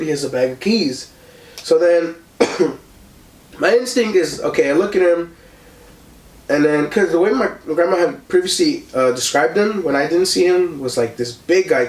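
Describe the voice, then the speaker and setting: A man's voice: on the high side, recorded from a distance. A young man hosting a casual podcast, telling a story with lots of likes and ums and acting out the people in it. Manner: animated, acts out voices in his story, many likes and ums. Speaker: podcast host. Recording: echoey room.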